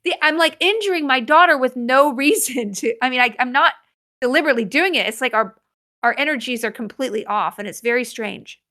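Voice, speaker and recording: A woman hosting a solo podcast, chatting casually with self-deprecating, animated asides. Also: high voice, a little fast. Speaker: podcast host.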